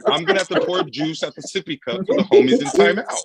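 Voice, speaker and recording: A man doing a live stand-up comedy routine, telling an animated story with punchy asides and frequent "right?" check-ins, streamed from home. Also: a little high, fast talker, over a noisy crowd, rough recording.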